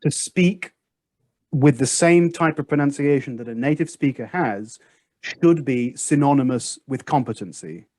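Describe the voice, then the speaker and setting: A man hosting a casual podcast discussion, making his points emphatically and acting out past conversations with lively storytelling. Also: mid-range voice, a little slow, dry recording. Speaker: podcast host.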